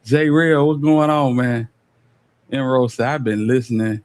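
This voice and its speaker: A man with a Southern US accent, reacting on a live stream in casual, slang-heavy commentary, animated and exasperated. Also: medium pitch, a little slow, no room sound. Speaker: streamer reacting to a court case.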